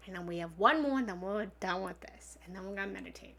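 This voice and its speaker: A woman giving a livestream self-help coaching talk as a spiritual love coach, blunt and emphatic, swinging from loud bursts to soft asides. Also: mid-range voice, quick pace, vocal fry, few pauses. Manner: blunt, occasionally swears.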